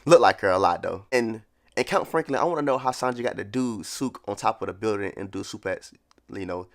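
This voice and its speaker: A man's voice: fairly low pitch, brisk, vocal fry. A man casually reviewing a manga chapter, laughing often and acting out character lines. He says he is a little sick.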